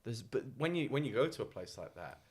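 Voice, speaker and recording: A man's voice: medium pitch, sing-song, brisk, darkish tone, husky. A man from the UK co-hosting a podcast in casual chat, swearing freely and animatedly acting out the people he quotes. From United Kingdom. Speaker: podcast co-host.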